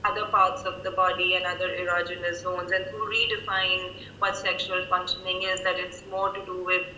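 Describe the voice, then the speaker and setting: A woman clinical psychologist speaking over a video call, thoughtful and measured, with frequent fillers. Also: on the low side, flat delivery, pushed and bright, reverberant, slight background noise, low-quality recording. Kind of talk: professional video-call interview.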